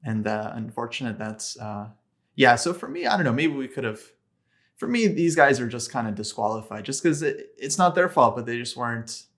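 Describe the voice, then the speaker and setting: A man's voice: medium pitch, big pitch swings, normal speed, a bit bright. A man co-hosting a casual podcast chat, talking in a hesitant, agreeable way with many fillers. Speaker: podcast co-host.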